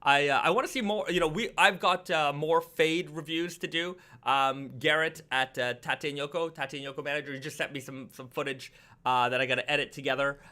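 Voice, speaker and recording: A man's voice: a little high, steady tone, a little fast, sharp tone. A man hosting a casual live stream from home, chatting with viewers and often repeating words as he restarts sentences. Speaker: livestream host.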